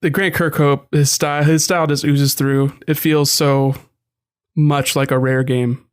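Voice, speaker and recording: A man's voice: a little high, flat delivery, measured pace, smooth. Rambling young man on a podcast. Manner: rambling, many restarts and asides. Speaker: podcast co-host. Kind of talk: casual chat.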